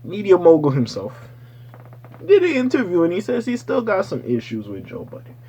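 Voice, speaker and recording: A man hosting his own channel, giving loose, profane, rambling casual commentary with slangy asides and sudden excited bursts. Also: high voice, moderate pace, husky. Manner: swings into loud excited bursts. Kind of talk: casual pop-culture commentary.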